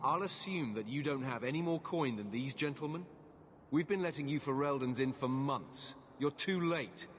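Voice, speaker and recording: An actor playing a gruff, dismissive male city guard captain in a video game. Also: mid-range voice, moderate pace, a little hiss or hum, natural voice. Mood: stern. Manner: curt, dismissive.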